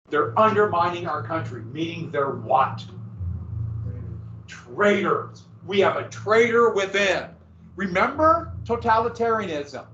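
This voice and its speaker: A male history teacher lecturing a class in a lively manner, with sarcastic asides to his students. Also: sits high, a little hiss or hum. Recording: echoey, distant, dull classroom recording.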